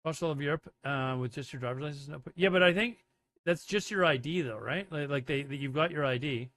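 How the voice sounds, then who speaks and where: A man hosting a livestream talks fast in a fairly bright voice on the high side, rambling along and answering chat messages after reading them out. The recording sounds dry.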